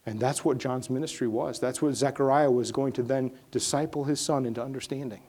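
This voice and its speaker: A man's voice: medium pitch, steady tone, a little fast, hardly any pauses. Man preaching with rising fervor. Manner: swings from hushed prayerful lines to rising, emphatic preaching. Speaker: pastor. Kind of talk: sermon.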